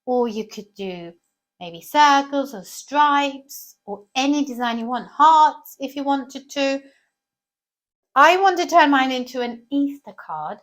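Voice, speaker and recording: A woman's voice: high-pitched, fairly bright tone. A woman giving a cheerful, encouraging drawing lesson to children, often asking the viewers questions. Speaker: children's art teacher.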